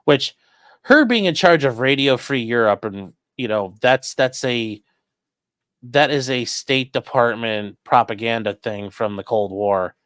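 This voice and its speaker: Reading chat on his livestream, a blunt, profane man rambles through casual commentary packed with fillers. His medium-pitched voice is animated, unhurried, and slightly bright, with no echo.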